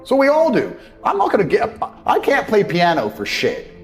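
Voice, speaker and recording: A man delivers a blunt, profane motivational lecture. His voice sits fairly high and swings widely in pitch as he drives his points home. Faint music plays underneath. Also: huge pitch swings, normal speed. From England. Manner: mocks others by acting out their excuses. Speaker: motivational speaker. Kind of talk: motivational speech. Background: faint background music.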